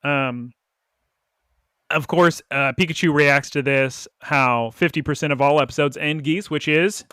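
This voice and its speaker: Man, podcast co-host, casual chat, animated retelling, slightly high voice, dry close sound. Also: smooth, dry recording. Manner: animated retelling with quick quoted voices and laughs.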